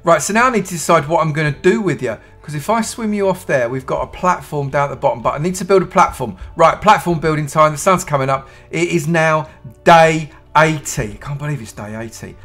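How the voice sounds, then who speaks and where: Chatty self-mocking guy playing minecraft, fairly high pitched, yelps when excited. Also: a little fast, faint music behind. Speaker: gaming YouTuber. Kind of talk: Minecraft let's play commentary.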